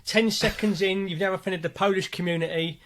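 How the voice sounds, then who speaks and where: A man's voice: sits high, fairly even intonation, brisk, a bit bright. A man co-hosting a casual podcast, teasing his partner and badgering him with the same question over and over. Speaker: podcast co-host.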